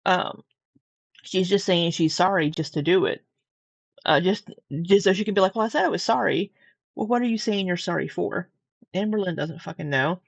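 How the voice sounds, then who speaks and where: A woman's voice: on the low side, normal speed, no room sound. Blunt, sleepy woman host reacting. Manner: blunt, swears, repeats herself. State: sleepy, yawning. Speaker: channel host reacting to a clip. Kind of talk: casual reaction commentary.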